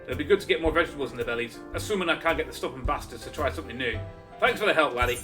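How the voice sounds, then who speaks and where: A man's voice: on the high side, a little fast, music in the background, close to an everyday voice. A man voicing a hearty, blunt male tavern keeper in a clumsy mock Irish brogue, reading game dialogue aloud. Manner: attempted Irish brogue, calls the listener laddie.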